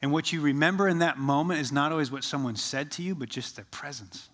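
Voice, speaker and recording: A man preaching a sermon as pastor, rising with energy, then dropping to a soft, slow hush for quoted words. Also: a little high. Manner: shifts from lively to soft and slow when quoting Jesus.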